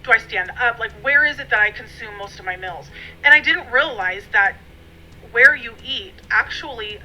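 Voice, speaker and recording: A woman's voice: fairly high pitch, moderate pace, pushed and bright, muffled recording, a little hiss or hum. A woman vlogging from her dining room at home, talking in a rambling, friendly way with many fillers. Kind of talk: casual chatty vlog.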